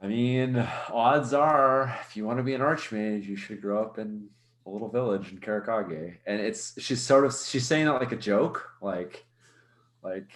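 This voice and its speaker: A man's voice: on the low side, normal speed, fairly bright tone, reverberant. A man playing a tabletop role-playing game, describing his character in a rambling, hesitant way full of fillers. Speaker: player.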